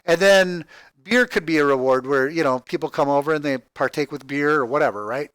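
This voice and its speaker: A man with a somewhat high voice rambles through his budget figures, stopping and restarting and asking "right?" every few lines. He sounds like he's at home, close to a desk mic in a dry little room. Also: fairly bright tone, smooth, dry recording. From Texas, USA. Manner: halting, repeats words, thinks aloud, tags "right?". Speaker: crowdfunding project vlogger. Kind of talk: rambling screen-share walkthrough.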